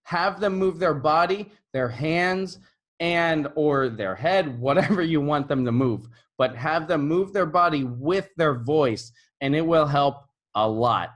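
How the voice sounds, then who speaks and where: A man who is an English teacher, giving teaching tips to camera in a relaxed, conversational way and often checking in with "right?". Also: fairly high pitch, measured pace. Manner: models intonation by repeating example phrases.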